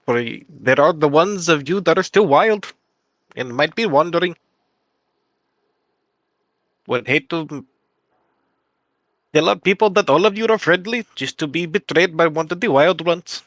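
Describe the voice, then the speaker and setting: A man's voice: a little high, animated, normal speed, a bit bright, no room sound. A man voicing a polite male robot envoy with stiff, formal robotic diction.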